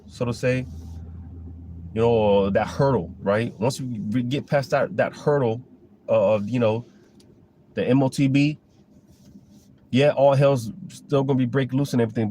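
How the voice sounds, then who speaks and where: A man's voice: mid-range voice, mellow, slight background noise. A man giving a casual, rambling preaching monologue about scripture, full of fillers and restarts. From Florida. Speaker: religious commentator.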